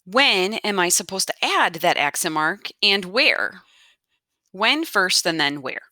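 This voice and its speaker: A woman's voice: on the low side, sing-song, slow pace, pushed and bright, no room sound, studio quality. Patient woman teaching a grammar lesson. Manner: patient, repeats key points, checks in with "okay?". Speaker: Spanish teacher.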